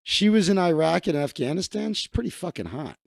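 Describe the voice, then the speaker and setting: A man's voice: fairly high pitch, very animated, a little fast, creaky, no echo, studio quality. A man hosting a casual comedic livestream, riffing crudely and sarcastically on news clips. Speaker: livestream host.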